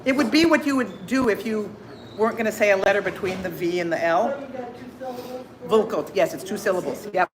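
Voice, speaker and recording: A woman teaching a group singing class, singing lines and then coaching in quick, chatty, self-deprecating asides. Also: mid-range voice, a crowd in the background.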